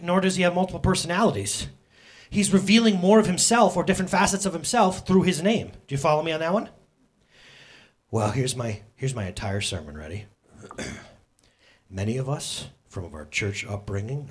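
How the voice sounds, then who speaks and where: A man's voice: fairly high pitch, husky. A man preaching a casual sermon in church, joking and addressing the congregation directly. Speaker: pastor. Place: church sanctuary.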